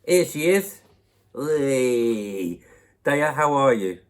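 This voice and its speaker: A young man who hosts his own channel answers viewer questions from home into a laptop mic, laughing often and chatting to a baby in a playful way. His voice is medium-pitched and very animated, but he speaks extremely slowly.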